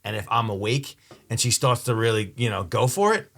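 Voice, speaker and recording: A man's voice: medium pitch, very animated, a little fast, vocal fry, fairly bright tone. A man co-hosting a podcast in casual chat, telling rambling, profane stories. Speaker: podcast co-host.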